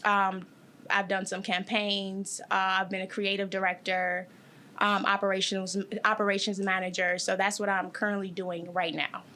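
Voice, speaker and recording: Young woman, bright and crisp tone, candid and emotional, halting with fillers. interview guest. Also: medium pitch, flat delivery. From Detroit, USA. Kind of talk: personal interview.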